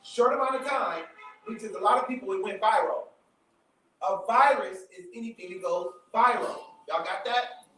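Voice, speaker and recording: Man lecturer, high-pitched, punchy and repetitive, live room sound with heavy echo. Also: moderate pace, pushed and bright, faint music behind. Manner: emphatic, repeats points, checks in with the crowd. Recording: very echoey room, mic from far off.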